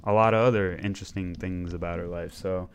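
A man's voice: deep voice, fairly even intonation, fairly quick, smooth. A man hosting a casual podcast, rambling along and swearing freely. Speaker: podcast host.

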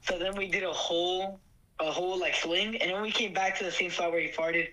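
A man, a podcast guest telling stories in relaxed, joking casual chat. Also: high-pitched, fairly quick, poor audio. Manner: joking, laid-back storytelling.

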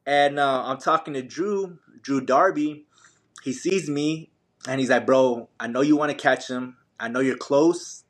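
Animated man telling a race story. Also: medium pitch, measured pace. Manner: animated, slangy, many fillers and restarts. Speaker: podcast guest, ultramarathon runner. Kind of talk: casual storytelling.

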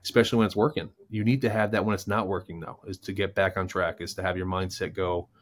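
A man's voice: low voice, quick pace, few pauses. A man in his thirties, a former baseball player co-hosting a podcast, telling stories in a casual chat. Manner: storytelling, animated anecdotes.

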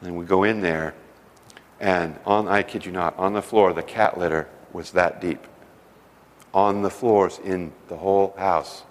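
A middle-aged man preaching a sermon with stories, shifting between loud emphasis and hushed, slowed phrases. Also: low voice, fairly even intonation. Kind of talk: sermon storytelling. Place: church sanctuary. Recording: long reverb of a large hall.

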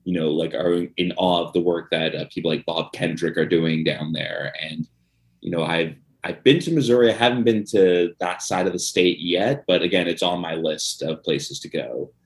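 A man's voice: low-pitched, fairly even intonation, moderate pace. A man co-hosting a podcast in casual chat, joking, laughing often and rambling with fillers. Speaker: podcast co-host.

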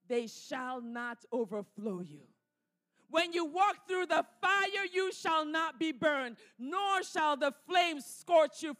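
A woman's voice: high-pitched, a bit bright. A woman pastor leading a fervent prayer, declaring and repeating lines with growing force. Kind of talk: sermon prayer.

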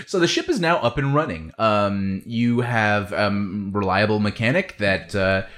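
Man running a tabletop game, lively. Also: lowish voice. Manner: relaxed, many ums and uhs. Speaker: game master.

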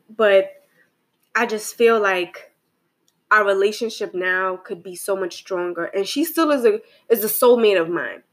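A woman's voice: mid-range voice, unhurried. A young adult woman talking in a casual, reflective monologue, rambling with many restarts and fillers and often asking "right?".

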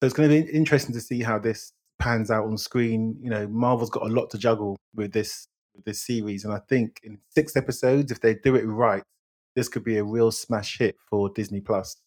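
A man co-hosting a film podcast, giving measured, agreeable opinions and short murmured replies. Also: fairly low pitch, fairly even intonation, a little mellow. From England. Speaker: podcast co-host. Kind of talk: casual film review chat.

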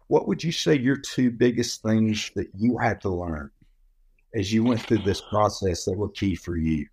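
Low-voiced podcast host, measured. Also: male voice, darkish tone, husky. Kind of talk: casual podcast conversation.

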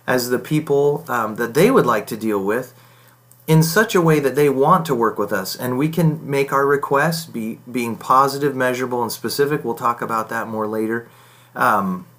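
A man's voice: mid-range voice, a bit bright. A middle-aged man hosting a marriage advice show, talking in a loose conversational way with frequent ums and self-corrections. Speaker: marriage podcast host. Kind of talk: casual advice talk.

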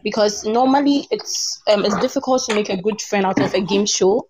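A woman on a fan podcast speaks in measured, reflective sentences. Her pitch is mid-range. Faint noise and occasional clicks sit under her voice. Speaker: podcast co-host. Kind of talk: casual fan chat.

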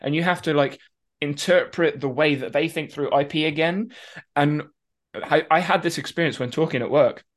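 A man co-hosting a podcast, explaining ideas in a casual, animated way with quick asides. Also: on the high side. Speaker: podcast co-host. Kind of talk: casual conversation.

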